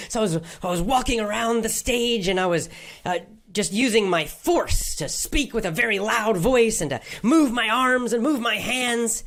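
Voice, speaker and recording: A woman's voice: on the high side, lively intonation, moderate pace. A woman from Georgia in the United States telling a personal story to language learners in simple, emphatic words with a lot of repetition. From Athens, Georgia, USA. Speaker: English-learning podcast host.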